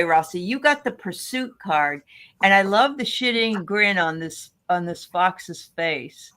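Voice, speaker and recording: Woman tarot reader, lowish voice, casual rambling chat with many fillers. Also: fairly bright tone. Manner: rambling, halting, searches for words. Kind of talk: casual live-stream chat.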